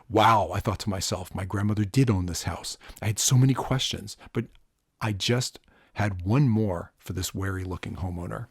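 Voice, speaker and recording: A man narrating a first-person noir audiobook in a measured way, sometimes dropping to a hush. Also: on the low side, husky, no room sound, clean studio sound.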